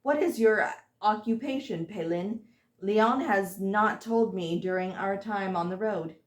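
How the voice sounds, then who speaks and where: A fiery young heroine on the run, as read by a woman narrator, delivering sharp, scolding lines at an unhurried pace. The reading has a mid-range pitch, and the room adds a clear echo. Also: lightly acted. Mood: friendly. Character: fierce young woman fugitive, hot-tempered.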